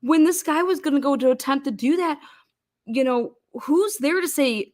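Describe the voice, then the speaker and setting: A woman's voice: high voice, normal speed, a little mellow. A middle-aged woman telling stories in a casual monologue, profane and exasperated, acting out quoted voices. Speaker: commentator on a criminal case.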